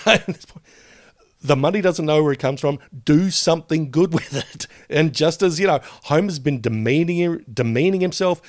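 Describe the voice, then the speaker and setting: A man's voice: fairly high pitch, no room sound, clean studio sound. A man co-hosting a podcast, chatting casually about a cartoon episode in a wry, sweary, opinionated way. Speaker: podcast co-host.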